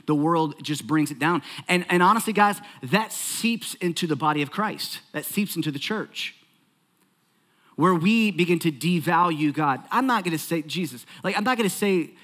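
A male pastor delivering a sermon in a church. His voice sits somewhat high for a man, and he talks in an animated, conversational way, joking with the congregation and acting out quick asides.

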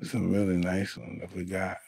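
A man's voice: deep voice, monotone, moderate pace, gravelly, heavy background noise. A man chatting casually as a podcast guest. He is earnest and asks a lot of questions. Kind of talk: casual chat.

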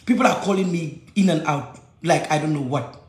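A high-voiced man with a Gambian accent delivers an agitated personal rant, circling back to the same complaints. His voice bounces around an echoey room. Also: fairly quick. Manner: agitated, switching languages, repeating points.

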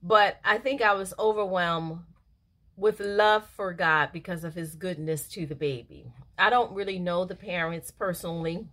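A woman's voice: fairly low pitch, pushed and bright. A middle-aged woman reading a daily devotional aloud and reflecting on it in a casual, earnest, emotional way, laughing easily. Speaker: devotional speaker.

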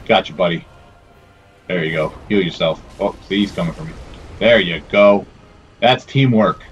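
Low-voiced male let's player, profane and self-critical, chatting to in-game characters. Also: a little slow, long pauses, lo-fi sound, slight background noise. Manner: swearing, self-scolding and talking to the game's characters. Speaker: gameplay commentator. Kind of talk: let's play commentary.

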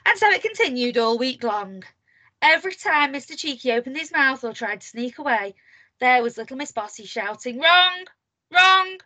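A woman's voice: high voice, a little fast. A woman teacher reading a picture book aloud to young children, asking them questions as she goes. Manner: animated, asks the children questions. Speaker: primary school teacher.

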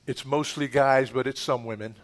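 A middle-aged man, a pastor, leading a charismatic healing prayer at a church service, fervent and commanding, swinging from loud shouted rebukes to hushed murmurs. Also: medium pitch, steady tone, moderate pace. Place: church sanctuary.

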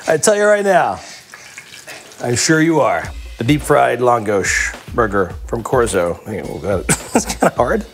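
A man hosting a cooking show, chatting excitedly, laughing and swearing as he works. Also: mid-range voice, normal speed, soft background music. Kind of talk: casual cooking demonstration. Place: kitchen studio.

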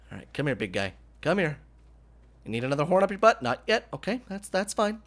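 A man giving excitable let's play commentary, swearing casually and talking to the animals in the game, his voice cracking. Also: fairly high pitch, a little fast. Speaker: gaming YouTuber.

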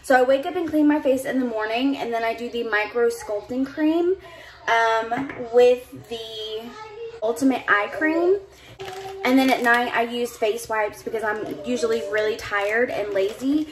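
A woman's voice: a little high, unhurried, echoey room, crowd noise. A young woman, chatting casually in a vlog, tired after staying up, with lots of fillers. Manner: chatty, laid-back, many fillers. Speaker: book vlogger.

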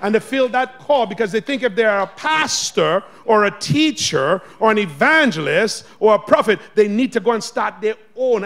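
A man preaching a sermon in a church, exhorting the congregation and swinging between loud shouts and quiet asides. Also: sits high. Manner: exhorting, calls on the congregation to respond. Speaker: pastor. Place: church sanctuary.

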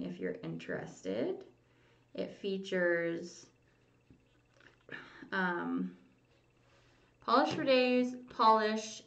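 A woman hosts a casual livestream, chatting with viewers, reading their comments aloud, and humming while she waits. Her voice is low-ish and gravelly, and she's far from the mic. The home stream audio is lo-fi and roomy.

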